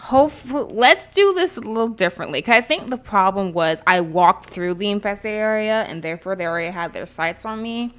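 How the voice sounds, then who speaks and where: A woman's voice: medium pitch, animated, a little fast, few pauses, fairly bright tone. Exasperated woman commenting on a game. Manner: exasperated, talks to the game characters. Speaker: gaming streamer. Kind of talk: let's-play commentary.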